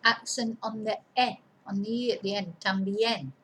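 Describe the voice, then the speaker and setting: A woman's voice: mid-range voice, fairly bright tone, slight background noise, low-quality recording. A woman teaching a spelling lesson, reading each word twice and then spelling it out letter by letter, with chatty asides. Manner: slow, careful dictation with repeated words and chatty asides. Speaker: Spanish teacher. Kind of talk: spelling lesson, dictating words slowly.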